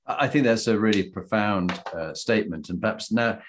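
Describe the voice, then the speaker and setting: A man's voice: fairly low pitch, moderate pace, slight background noise. A man in his sixties from Yorkshire, interviewing a guest in a rambling, anecdotal way. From Yorkshire, England. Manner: rambling, anecdotal, with a gentle chuckle. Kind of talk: conversational interview.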